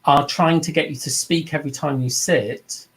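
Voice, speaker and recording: A man's voice: fairly high pitch, steady tone, normal speed, fairly bright tone. Man teaching over a video call. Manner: conversational, repeats himself, acts out quoted voices. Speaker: trance mediumship teacher. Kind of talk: teaching with personal anecdotes.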